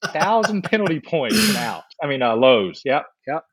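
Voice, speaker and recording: A man's voice: fairly high pitch, normal speed, slightly rough. A man in casual chat, animatedly telling a story and acting out what others said. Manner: animated storyteller, acts out quotes.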